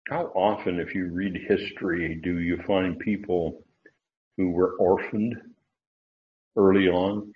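A Bible teacher with a very low voice leads an informal Bible lesson for a class that includes online listeners. Speaking slowly in a steady tone, he's conversational, thinking aloud with fillers and restarts as he circles back on his phrasing. The recording is muffled and lo-fi.

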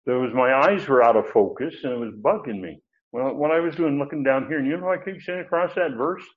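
A man's voice: medium pitch, quick pace, narrow, tinny audio. An older man preaching an expository sermon in a folksy, digressive way, with many restarts and asides. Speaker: pastor.

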